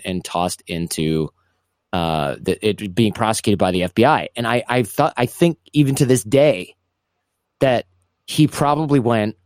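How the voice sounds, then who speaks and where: Man telling a story, quoting people in lively voices. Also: lowish voice, dry recording, clean studio sound. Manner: animated, acts out quoted voices, restarts often. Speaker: guest recounting his past. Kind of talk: casual storytelling interview.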